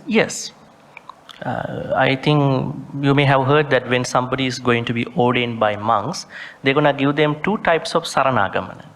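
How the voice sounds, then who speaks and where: A man's voice: on the high side, fairly bright tone. A man, a Buddhist monk, teaching a sutta study class, reciting Pali words with care and spelling out how each one should sound.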